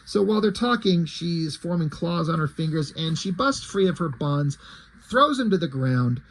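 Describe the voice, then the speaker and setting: A man retells a book's plot in a loose, rambling way, full of fillers and crude asides. His voice sits a little high for a man. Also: lively intonation, normal speed. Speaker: reader summarizing a book. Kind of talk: casual retelling of a story.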